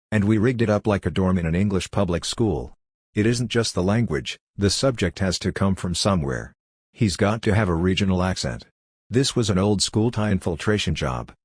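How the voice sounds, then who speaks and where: A brisk young doctor lectures in a matter-of-fact, clinical tone, read by a man. The voice sits very low, and the recording is dry and close with no room around it. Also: husky, dry recording.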